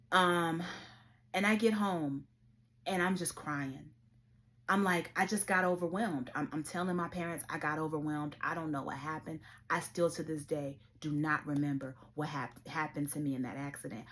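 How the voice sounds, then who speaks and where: A woman's voice: low-pitched, fairly bright tone. A woman hosting her own show, telling a personal story in an earnest, emotional way. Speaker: show host. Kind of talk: personal testimony vlog.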